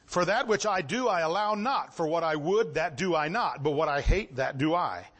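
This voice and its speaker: A man preaching a sermon, reading scripture aloud and swinging between low, measured reading and high exclamations. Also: animated, a bit bright, husky. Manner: reads scripture in King James wording.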